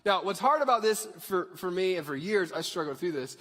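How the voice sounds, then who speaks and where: Man preaching, high voice, very lively pitch, casual jokey sermon, long hall reverb. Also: a little fast. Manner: animated, conversational, jokey. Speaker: pastor. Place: church sanctuary.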